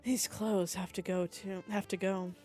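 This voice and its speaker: A woman reading game dialogue aloud, voicing a tall, commanding aristocratic woman artist with a low, slow, purring delivery. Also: steady tone, darkish tone, faint music behind, natural voice. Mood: seductive.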